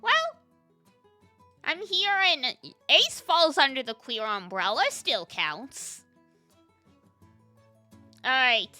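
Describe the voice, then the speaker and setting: A woman's voice: sits high, animated, slow pace, long pauses, pushed and bright, faint music behind. A woman game streamer in casual chat, talking to her viewers, laughing often and answering chat as she plays.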